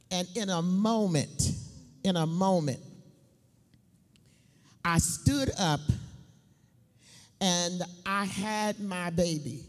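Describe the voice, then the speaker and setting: A middle-aged woman giving a personal testimony in church, telling her story slowly and emphatically, laughing between lines. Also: on the low side. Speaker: church speaker. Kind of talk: sermon testimony. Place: church building. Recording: long hall reverb.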